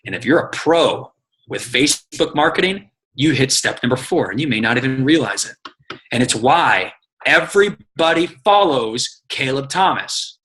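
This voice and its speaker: An energetic man coaches his team with a bright, forceful voice at a middle pitch. He talks casually and swears freely, and he tells stories with acted-out quotes to make his points. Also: normal speed, low-quality recording. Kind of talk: casual motivational teaching.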